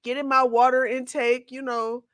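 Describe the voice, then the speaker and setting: A woman co-hosting a podcast in casual chat, relaxed and laughing often. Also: sits high, moderate pace, no room sound, clean studio sound. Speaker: podcast co-host.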